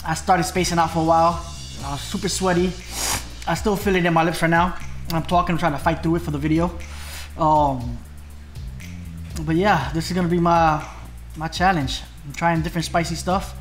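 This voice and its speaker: A man's voice: on the high side, steady tone, moderate pace, soft background music. A man vlogging a spicy food challenge in a casual way, groaning and exclaiming between bites. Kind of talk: casual mukbang vlog.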